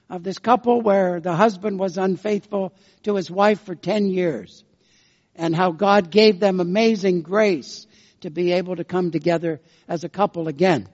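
A man preaching a sermon as pastor, telling folksy, unhurried stories. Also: high-pitched, darkish tone. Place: church sanctuary. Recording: dull lo-fi sound with long church reverb.

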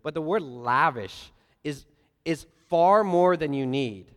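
Lively preacher in a reverberant hall. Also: male voice, on the high side, slow pace. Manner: lively storytelling with playful voiced asides. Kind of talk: sermon.

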